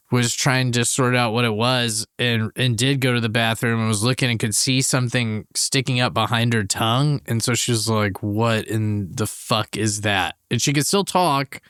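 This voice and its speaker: A man co-hosting a podcast, telling a rambling, animated anecdote to friends with lots of restarts. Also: mid-range voice, clean tone, no echo, clean studio sound. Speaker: podcast co-host. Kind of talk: casual storytelling among friends.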